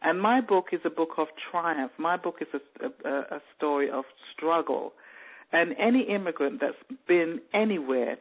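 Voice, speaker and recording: A woman in her fifties, an author from Jamaica, telling stories in a phone interview with lively restarts and fillers. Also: low-pitched, breathy edge. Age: 50s. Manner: animated storyteller with many restarts and fillers. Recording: tinny phone line.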